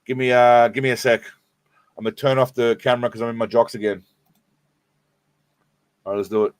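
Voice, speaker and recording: A man's voice: mid-range voice, steady tone, brisk, clean tone, dry recording. An Australian man hosting a live stream, rambling and swearing in a laid-back way while stoned. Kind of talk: casual live stream chat.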